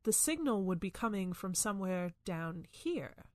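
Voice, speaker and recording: A woman's voice: medium pitch, very animated, moderate pace, darkish tone, dry recording. A woman playing a tabletop game who talks in a chatty way, searching for words and using many fillers. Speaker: player. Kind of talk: casual tabletop play.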